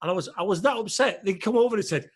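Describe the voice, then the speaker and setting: A man co-hosting a podcast, telling stories in casual chat, animated and laughing, swearing freely. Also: high voice, rapid-fire, breathy edge. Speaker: podcast co-host.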